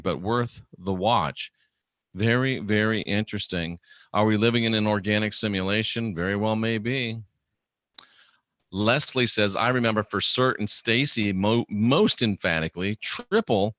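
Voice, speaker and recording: A man's voice: fairly low pitch, fairly bright tone, no room sound, clean studio sound. A man hosting a casual livestream, musing aloud and reading viewer comments. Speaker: livestream host.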